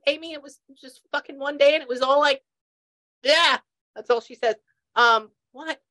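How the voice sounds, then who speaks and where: A woman's voice: high voice, brisk, fairly bright tone. A woman working as a psychic medium in a casual session, chatty and laughing as she passes on messages.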